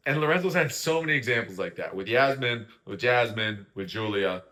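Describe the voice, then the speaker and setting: A man's voice: fairly low pitch, lively intonation, a little fast, bright, forceful tone. A young man hosting a casual reality-show recap, chatty, often asking "right?" and acting out what people said. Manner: chatty, keeps asking "right?" and "you know what I mean?", acts out quoted lines. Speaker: host.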